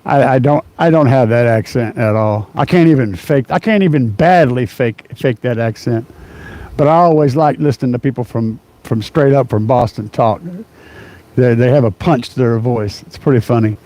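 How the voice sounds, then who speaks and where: The host of this laid-back car audio live stream is a middle-aged man with a warm, medium-pitched voice and a moderate pace. He rambles, stays rough around the edges, laughs often and leans heavily on fillers.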